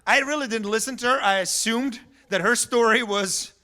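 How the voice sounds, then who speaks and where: Animated, bright-voiced male pastor preaching. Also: extremely high pitch, normal speed. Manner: animated storytelling with laughter and acted-out voices. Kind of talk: sermon. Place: church sanctuary.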